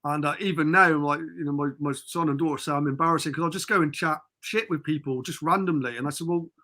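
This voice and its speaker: A man's voice: on the high side, quick pace, bright, forceful tone. A middle-aged man from England, a podcast guest telling rambling stories in casual chat over a remote call. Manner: rambling storyteller, chatty and informal.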